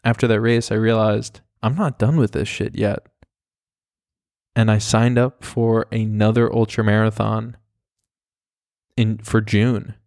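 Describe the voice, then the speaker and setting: A man's voice: on the low side, level tone, unhurried, gravelly, long pauses, a little mellow, no echo, clean studio sound. A young man hosting a podcast, telling a story casually with lots of fillers and swearing. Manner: rambling, profane, full of fillers like "like". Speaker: podcast host.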